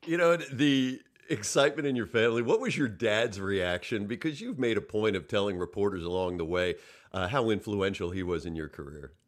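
A man asking a former player measured, direct interview questions. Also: fairly low pitch.

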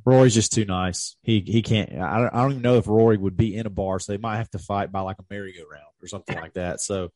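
A man's voice: on the low side, fast, hardly any pauses, a little mellow, no echo. A man co-hosting a casual podcast, playful and full of wisecracks. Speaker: podcast co-host. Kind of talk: casual banter.

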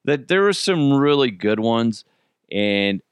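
A man hosts a podcast, telling stories in a casual, profane way. His pitch swings widely as he gets worked up, and he laughs often. The sound is dry and close. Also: big pitch swings, slow, clear, resonant tone, no room sound. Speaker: podcast host. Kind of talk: casual storytelling.

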